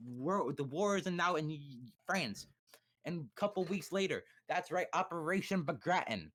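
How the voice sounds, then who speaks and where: A man's voice: on the high side, lively intonation, normal speed, fairly bright tone. A young man casually explaining history on a livestream, swearing and cracking crude jokes. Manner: crude, joking, profane.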